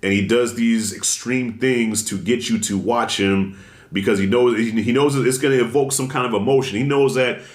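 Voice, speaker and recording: A man giving blunt, animated commentary in a casual vlog, talking with heavy slang and strong emphasis. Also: mid-range voice, normal speed. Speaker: commentary vlogger. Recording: roomy echo.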